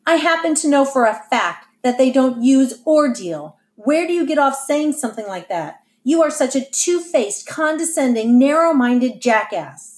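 A woman voicing a fiery, defiant teenage girl who shouts her words in fury. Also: high voice, expressive, normal speed, few pauses, reverberant, voice pushed up. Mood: furious. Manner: shouting, furious.

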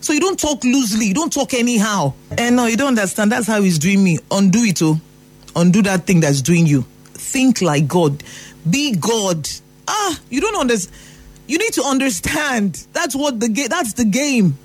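A man's voice: high voice, very animated, moderate pace. A Nigerian man giving an emphatic motivational talk, repeating phrases for emphasis. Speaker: motivational speaker.

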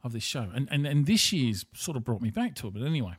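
A man's voice: mid-range voice, big pitch swings, quick pace, slightly rough, no room sound, clean studio sound. An Australian man rambling through a casual monologue as a podcast host, blunt and profane.

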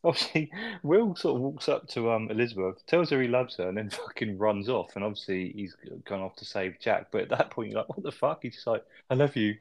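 Quick-talking man, laughing as he chats. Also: lowish voice, no room sound. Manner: laughs often, hedging with filler words. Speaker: podcast co-host. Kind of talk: casual film review chat.

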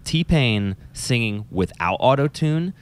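A man's voice: mid-range voice, expressive, slow pace, clean tone. A man, a music teacher, talking casually and animatedly on a podcast, swearing and mimicking voices. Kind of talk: casual chat.

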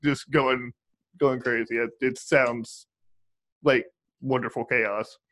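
A man interviewing in a casual conversation, with a dry, teasing, halting way of talking. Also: mid-range voice, fairly even intonation, a bit bright.

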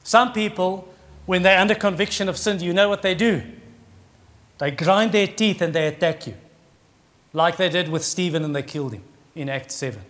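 A man's voice: high-pitched, normal speed, pauses often, fairly bright tone. A middle-aged man preaching a sermon in an earnest, conversational way that rises in emphasis.

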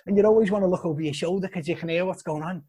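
Sweary Scouse man, higher voice. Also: racing, dark tone, slightly rough. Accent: Liverpool. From Liverpool, England. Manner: blunt and sweary, emphatic praise. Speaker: guest, soldier. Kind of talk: casual podcast storytelling.

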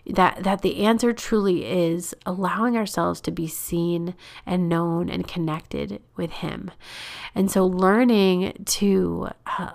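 A woman with a lowish voice hosts a podcast, guiding listeners through a Christian prayer meditation. She speaks gently and without hurry, sometimes sinking into a breathy whisper.

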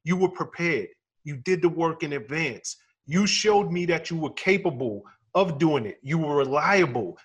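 A man hosting an interview, explaining things in a measured and deliberate way. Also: a little high, animated, slightly rough. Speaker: podcast host and former music manager. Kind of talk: interview conversation.

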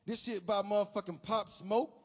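A man speaks insistently in heavy street slang, looping back over the same lines to keep the floor. His voice is high for a man. It rings with long hall reverb. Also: steady tone, moderate pace, breathy edge. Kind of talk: comedic street-talk sketch.

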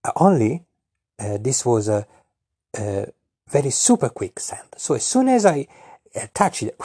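Halting, rambling man with a husky voice. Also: lowish voice, very animated, mellow, no room sound. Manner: hesitant, full of fillers and restarts. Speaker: storyteller. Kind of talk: rambling absurd comic monologue.

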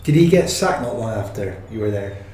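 A man's voice: fairly low pitch, lively intonation, brisk, darkish tone, a little hiss or hum. A man hosting a casual chat, bantering and tossing in tag questions. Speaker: podcast host. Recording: echoey room.

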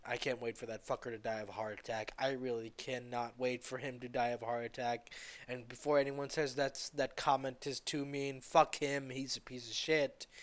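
A man's voice: a little high, a bit bright. Man ranting angrily at a camera. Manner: heated, repetitive, stumbling restarts, bitter laughs. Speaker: vlogger. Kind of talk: angry profane rant.

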